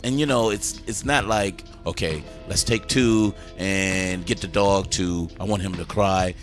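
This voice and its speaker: A man's voice: low-pitched, a little slow, soft background music. A man hosting a casual movie review chat, enthusiastically retelling scenes and swearing freely.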